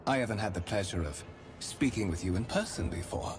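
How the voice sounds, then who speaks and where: A man's voice: on the low side, animated, natural voice. A man voicing a courtly imperial spymaster. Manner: formal, measured, courtly. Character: refined male imperial spymaster, formal and smooth. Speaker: game character. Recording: game audio with music behind.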